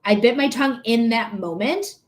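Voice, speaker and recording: A young woman hosting a paid livestream reading, talking in a fairly high voice. She rants emphatically, repeats herself for effect and swears freely. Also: normal speed. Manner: emphatic, repetitive, profane ranting. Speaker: livestream tarot reader. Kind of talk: casual livestream chat.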